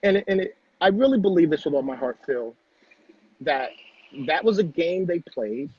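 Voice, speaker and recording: Middle-aged male guest, husky, slightly high voice; earnest, repeats himself for weight; dull lo-fi home recording. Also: animated, normal speed. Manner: earnest, repeats phrases for emphasis. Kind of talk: personal storytelling in conversation.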